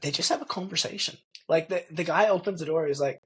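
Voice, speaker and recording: A young Canadian man with a Canadian accent, a podcast guest telling stories in a lively way and laughing often. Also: a little high, fast, poor audio. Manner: animated storyteller, laughs often, acts out quoted voices. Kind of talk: casual storytelling.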